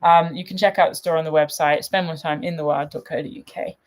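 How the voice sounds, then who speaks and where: A woman's voice: low voice, fairly even intonation, fast. Emotional woman hosting a chat. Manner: warm-hearted, emotional, laughs often. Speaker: host. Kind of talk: live chat.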